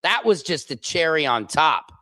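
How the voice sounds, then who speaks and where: A man's voice: on the high side, sing-song, moderate pace, sharp tone, dry recording. A male comedian hosting his own show, delivering an angry, profane political rant with heavy emphasis.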